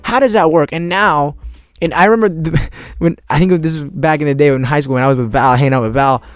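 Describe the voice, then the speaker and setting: A man's voice: on the high side, fast talker, smooth, no room sound. A man in his twenties hosting a casual solo podcast, rambling in laid-back slang with cursing. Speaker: podcast host.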